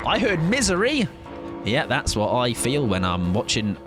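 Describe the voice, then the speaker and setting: A man's voice: mid-range voice, a little slow. Chatty man over game music. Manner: chatty, excitable, self-mocking, swears casually. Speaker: streamer. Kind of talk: live gameplay commentary.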